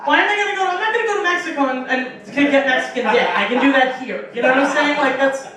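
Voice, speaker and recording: High-pitched and quick, a young woman delivers a stand-up set of profane stories and acted-out quotes to a live crowd at a small bar, with crowd noise audible. The mic sits far off in an echoey room.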